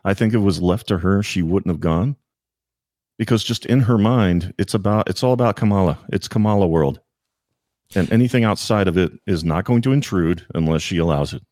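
Deep-voiced measured male guest. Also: dark tone, no echo, studio quality. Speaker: podcast guest. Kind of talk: casual political chat.

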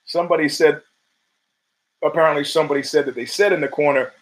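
A man's voice: fairly high pitch, fairly even intonation, quick pace, long pauses, rough recording. Profane, rambling male podcast host. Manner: profane, rambling storytelling with frequent restarts. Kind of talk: casual monologue.

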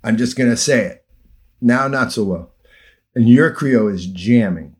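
A man with a medium-pitched voice speaks at a normal pace while hosting a casual conversation. He tells long anecdotes in an easygoing way, sometimes drifting into soft emotional asides.

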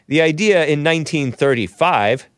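A man hosting a casual live-stream talk show, rambling and joking, laughing often and jumping into a high voice at times. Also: animated, normal speed, fairly bright tone, smooth, dry recording, studio quality. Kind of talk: casual live-stream chat reading viewer messages.

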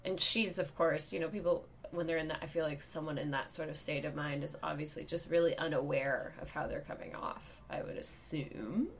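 A young woman with a New York accent telling a story on a casual podcast, animated and swearing, acting out the people in it. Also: deep voice, a little fast, creaky, hardly any pauses, a little hiss or hum. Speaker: comedian guest.

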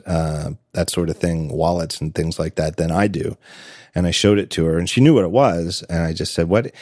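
A middle-aged man talking in a casual podcast chat, animated and laughing often, with halting restarts. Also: sits low, no room sound, clean studio sound. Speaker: podcast guest.

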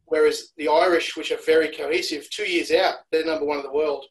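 An Australian man appears as a rugby analyst guest on a podcast, explaining things at length in casual chat and repeating words whenever he restarts a thought. His voice is fairly high and fairly even, his pace brisk, and the low-quality recording carries slight background noise.

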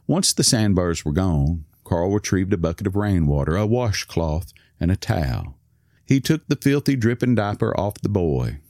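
A man with a low, deep voice reads a story aloud in a calm, measured way. The recording is dry and close, with no echo. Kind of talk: scripted narration.

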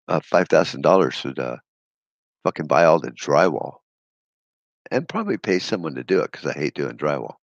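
A man's voice: rumbling low, very animated, normal speed, no echo, highs cut off. A man hosting a solo podcast, ranting bluntly and sarcastically with frequent swearing. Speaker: podcast host.

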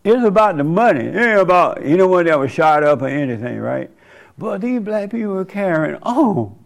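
A man's voice: high voice, sing-song, moderate pace, creaky. A man hosting a casual, preachy monologue, rambling and colloquial, often laughing at his own remarks.

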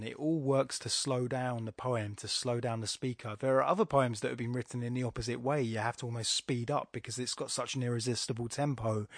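A male teacher hosting a poetry podcast, thinking aloud with fillers and restarts and slowing down to read lines aloud with care. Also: mid-range voice, dry recording, studio quality. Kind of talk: informal poetry analysis podcast.

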